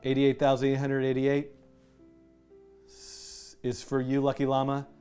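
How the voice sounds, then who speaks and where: A man hosting a live coding stream, chatting casually, animated and self-mocking, laughing often. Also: mid-range voice, unhurried, clean tone, soft background music. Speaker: livestream coding host. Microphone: headset with music in his ear.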